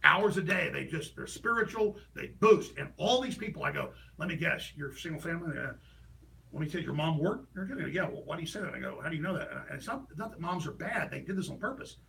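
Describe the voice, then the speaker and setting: A man delivering an impassioned, ranting political monologue as a talk show host, heated and rapid with sudden bursts of shouting. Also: a little high, expressive, creaky, far from the mic, poor audio.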